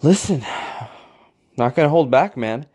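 A man's voice: mid-range voice, lively intonation, measured pace, dark tone, slightly rough, pitched above the performer's own voice. A man voicing a rejection letter as an awkward, rambling young man, overly casual and fumbling. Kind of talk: comedic impression.

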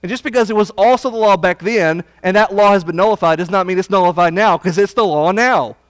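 A man preaching a Bible study sermon, blunt and folksy, swinging from loud emphasis to hushed asides. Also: sits high, quick pace, clear, resonant tone, no room sound.

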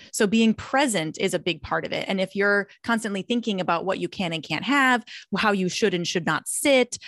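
A woman guest in a casual interview who talks in an animated, playful way and acts out her examples. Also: medium pitch, dry recording, clean studio sound.

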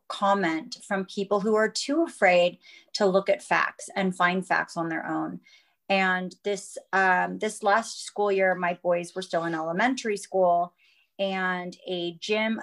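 Earnest woman guest telling a story. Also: lowish voice. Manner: earnest, animated, acts out quoted voices. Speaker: guest, mother and model. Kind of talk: interview storytelling.

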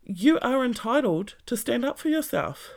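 A creaky, gravelly voice delivers a blunt motivational monologue, swearing freely and pressing the listener with direct questions. The pitch sits in a middle register, and the delivery stays emphatic and plain-spoken throughout. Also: big pitch swings, normal speed. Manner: speaks straight to the listener with pointed questions. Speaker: self-help vlogger.

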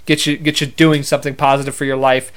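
A man's voice: medium pitch, little pitch movement, fast talker, fairly bright tone, smooth. A young man hosting a podcast, telling casual stories in a rambling, self-correcting way with some swearing. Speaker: podcast host. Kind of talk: casual storytelling monologue.

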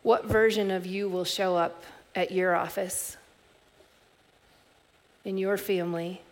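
A middle-aged woman preaching a sermon as a pastor, telling stories in a reflective way with soft restarts. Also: fairly low pitch, steady tone, slow.

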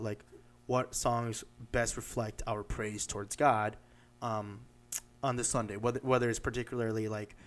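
A man co-hosting a podcast in a loose, casual chat. He rambles, restarts sentences and leans on fillers as he talks an idea through with examples. His pitch sits in an ordinary middle range. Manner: explains with examples. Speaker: podcast co-host.

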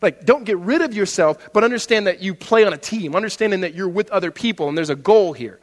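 Animated preacher in a reverberant hall. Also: male voice, high voice, quick pace. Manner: animated storytelling, laughs often, drops soft for emphasis. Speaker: pastor. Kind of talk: sermon.

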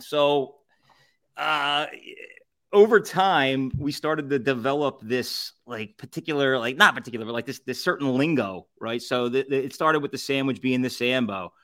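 A man chats loosely as a podcast guest, his voice sitting at an ordinary middle pitch. He rambles through stories with plenty of fillers, restarts and laughter. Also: moderate pace, fairly bright tone. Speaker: podcast guest, co-founder of a food review group. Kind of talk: casual storytelling chat.

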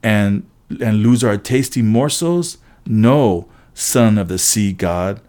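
A man voicing a hulking, hungry giant who talks with slow, gloating menace. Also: lowish voice, expressive, warm tone.

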